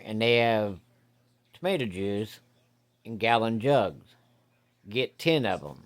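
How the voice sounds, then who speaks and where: A man telling a hunting story in a folksy, profane, vivid way. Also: fairly low pitch. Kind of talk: casual spoken storytelling.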